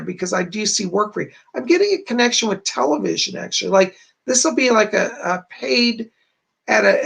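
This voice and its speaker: A man's voice: sits high, vocal fry, fairly bright tone, breathy edge. A man hosting a livestream, chatting casually as he reads viewers' messages aloud and gives psychic readings. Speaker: psychic medium host.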